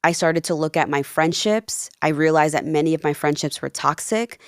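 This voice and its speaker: A New Jersey life coach of Peruvian family, appearing as a podcast guest, tells her story candidly in a low, clear, resonant voice at a moderate pace. She is earnest and animated, quoting dialogue, on a dry studio-quality recording.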